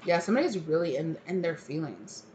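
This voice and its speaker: A woman's voice: low voice, animated, fast, a little mellow, slight background noise. A woman giving a casual tarot reading, naming cards and thinking aloud with many fillers. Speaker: tarot reader.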